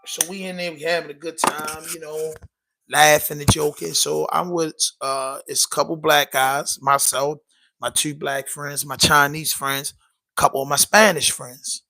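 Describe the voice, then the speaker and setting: Male podcast host, loose and emphatic, with a sharp, somewhat high voice. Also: level tone, normal speed, gravelly, rough recording. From Baltimore. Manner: loose, emphatic, peppered with "you know what I'm saying". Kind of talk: casual livestream chat.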